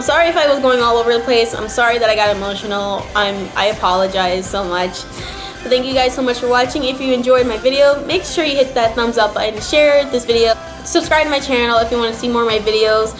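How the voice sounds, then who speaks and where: A young woman from New Jersey chatting casually as a vlogger, rambling and emotional, filling her talk with "like". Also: fairly high pitch. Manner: rambling, emotional, heavy use of "like". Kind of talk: casual chat. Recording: roomy echo, faint background music. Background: faint background music.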